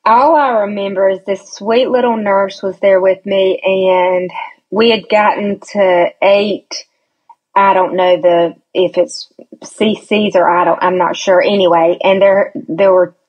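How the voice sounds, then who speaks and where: A woman's voice: medium pitch, fairly even intonation, a little slow, a little mellow, breathy edge. A woman telling a personal story as a podcast guest, chatty and hesitant, with many restarts. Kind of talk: casual storytelling chat. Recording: dull lo-fi recording.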